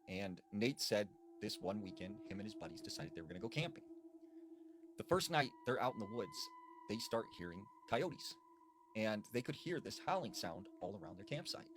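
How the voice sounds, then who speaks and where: A man's voice: lowish voice, noisy background. A man casually retelling spooky stories in a conversational way, full of fillers like "like". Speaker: storyteller. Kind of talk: casual spoken ghost story narration.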